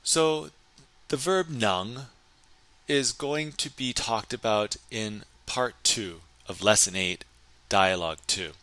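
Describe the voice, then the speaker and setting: A man teaching a recorded Chinese grammar lesson, explaining in English and slowly modeling sentences in Chinese. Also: fairly low pitch, bright, forceful tone.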